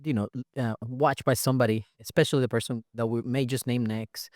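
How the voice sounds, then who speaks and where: A man's voice: medium pitch, fairly even intonation, fast talker, a little mellow, no echo, clean studio sound. A man hosting a podcast interview in a playful, teasing, upbeat way. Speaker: podcast host. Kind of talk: casual interview chat.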